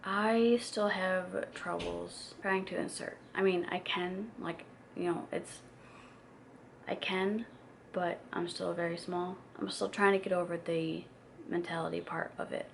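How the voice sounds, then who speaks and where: A woman's voice: fairly low pitch, fairly even intonation, a little slow, creaky, a little hiss or hum. A woman in her twenties chatting candidly to camera in a casual vlog, talking openly with plenty of fillers. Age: 20s. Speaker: vlogger. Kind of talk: casual confessional chat to camera.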